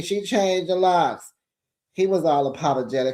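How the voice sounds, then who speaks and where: A man with a fairly high voice runs through a reality show recap in gossip mode. He is sassy and chatty, sprinkling in honey and child as he talks to his viewers like friends. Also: moderate pace, mellow. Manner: sassy, chatty, addresses viewers as besties and y'all; calls listeners honey and child.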